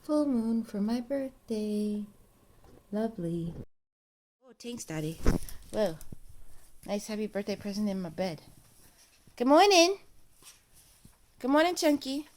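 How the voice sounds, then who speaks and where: A woman's voice: mid-range voice, lively intonation, takes it slowly, long pauses, darkish tone, slight background noise. A young woman filming her baby at home, chatting in cooing baby talk. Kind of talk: home vlog chat.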